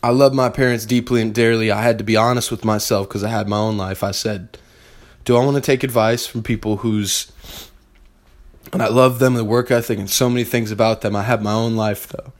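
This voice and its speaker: A man's voice: lowish voice, steady tone, brisk. A young man hosting a podcast, giving a blunt, profane, fired-up motivational monologue straight to his listeners. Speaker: podcast host.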